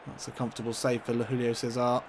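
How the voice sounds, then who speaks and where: A man's voice: medium pitch, level tone, quick pace, slight background noise. A man commentating over his own football video game in a mock sports-broadcast style, swinging into exasperated outbursts. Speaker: gaming commentator. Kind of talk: let's-play football commentary.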